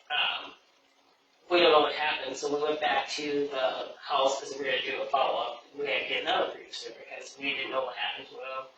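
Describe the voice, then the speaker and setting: A man tells a story on a podcast, rambling and quoting everyone with "he's like". He sits away from the mic, so his somewhat high, flat voice comes through dull and heavily echoed. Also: slight background noise. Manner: rambling, retells dialogue with many "he's like". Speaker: podcast co-host. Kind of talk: casual storytelling. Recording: distant, dull, very echoey room.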